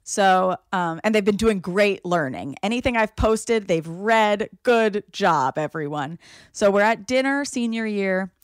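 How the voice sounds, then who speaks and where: A woman's voice: medium pitch, unhurried, no room sound, studio quality. A young woman hosting a casual podcast chat, telling stories with laughs and mimicked voices. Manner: animated storyteller, frequent laughs and mimicry. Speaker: podcast host.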